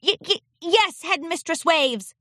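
A woman's voice: very high-pitched, expressive, a little slow, sharp tone, no echo, studio quality, voice pushed up, full character voice. A woman voicing a timid little colt. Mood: nervous. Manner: stammering, timid. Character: timid, nervous little boy unicorn colt.

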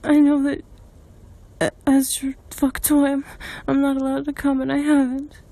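Stuttering breathy high-voiced woman. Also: completely flat delivery, normal speed, warm tone, dry recording. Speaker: submissive pleading to a partner. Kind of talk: erotic audio role-play.

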